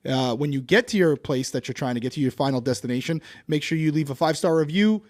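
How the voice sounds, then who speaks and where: A man in his thirties hosting a podcast, chatting in a relaxed, joking way and reading a sponsor spot. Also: on the high side, quick pace. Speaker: podcast host. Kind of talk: casual podcast chat with sponsor read.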